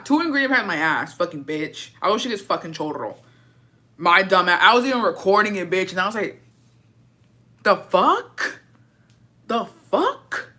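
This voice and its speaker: A woman's voice: medium pitch, sharp tone. A young woman livestreaming, chatting casually and answering viewer comments in a blunt, profane and dramatic way.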